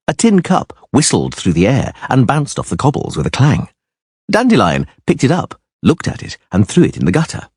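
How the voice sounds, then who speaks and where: Husky man narrating a fantasy audiobook. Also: mid-range voice, moderate pace, dry recording, clean studio sound. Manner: expressive storytelling narration. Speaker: audiobook reader.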